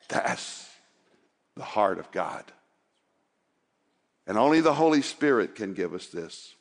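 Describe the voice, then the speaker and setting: A male preacher delivering an impassioned sermon. He rises into loud urging and then drops to quiet, hushed tones. His voice rings with a long hall reverb. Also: fairly low pitch, very animated, slow, pauses often.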